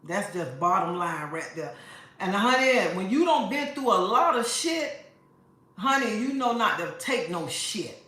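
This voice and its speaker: A woman lectures her viewers in an emphatic, preachy way, hammering her points home through repetition. Her voice is bright and forceful. It rings around a very echoey room. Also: mid-range voice, big pitch swings, a little slow. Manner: emphatic, preachy, repeats herself for effect. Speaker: live-stream host. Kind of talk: casual advice talk to viewers.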